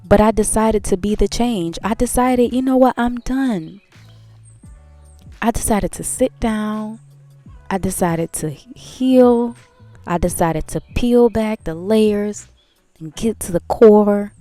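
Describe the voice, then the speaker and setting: A woman's voice: medium pitch, slow, dark tone, faint music behind. Earnest woman giving a healing pep talk. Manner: earnest, repetitive, laughs at herself. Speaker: host. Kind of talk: casual motivational talk.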